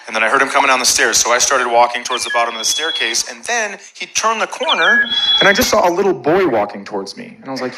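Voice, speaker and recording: A male comedian tells a self-mocking story on stage in a dry way. His voice has a middle pitch, and loud noise fills the background of the live recording. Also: animated, a little fast. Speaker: stand-up comedian. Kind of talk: stand-up comedy.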